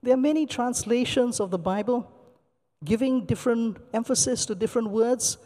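A pastor delivering a sermon, moving from personal story to scripture and stressing points by repeating key words. The voice is mellow and relaxed, and it rings out in a long hall reverb. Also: mid-range voice, moderate pace. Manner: storytelling, emphatic repetition.

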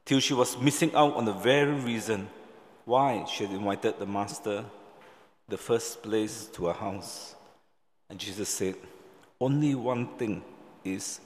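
A man gives a sermon in a church hall. He talks in an easy, conversational way, pausing and restarting, and acts out the lines he quotes. His voice rings with a long hall reverb. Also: on the low side. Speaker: preacher.

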